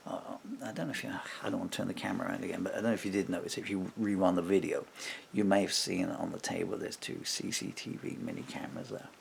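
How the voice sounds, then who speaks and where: A man with a deep, heavily gravelly voice tells a story straight to his camera from a room at home. He talks animatedly and casually, slipping into the voices of the people he quotes. A faint hiss sits under the recording. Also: fast. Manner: animated, acts out quoted voices, chuckles between points. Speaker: vlogger.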